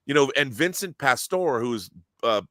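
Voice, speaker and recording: A man telling excited, geeky stories in casual podcast chat, often acting out quotes and restarting his sentences. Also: medium pitch, moderate pace, dry recording, studio quality. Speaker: guest, audio drama producer.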